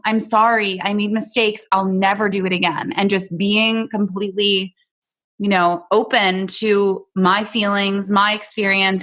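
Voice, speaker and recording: A woman's voice: mid-range voice, fairly bright tone. Earnest woman podcast co-host. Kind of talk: candid conversation with listeners.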